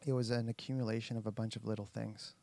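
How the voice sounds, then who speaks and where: Male podcast host, casual storyteller, rambling, gravelly and dark. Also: lowish voice, flat delivery, fast talker, no echo. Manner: rambling storyteller, many fillers and restarts, acts out quotes. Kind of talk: casual chat.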